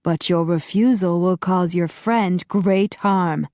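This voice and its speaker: A woman's voice: fairly low pitch, a little mellow, dry recording, studio quality. A woman playing a masked, muffled vampire overlord. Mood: cold, commanding. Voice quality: muffled, slow and measured. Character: masked male vampire overlord, cold, commanding.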